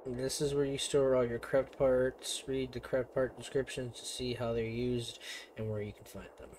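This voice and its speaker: A man's voice: mid-range voice, level tone, moderate pace, darkish tone, a little hiss or hum. A male streamer giving casual, joking live commentary while he plays a game, rambling and poking fun at himself. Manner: joking, rambling, self-mocking.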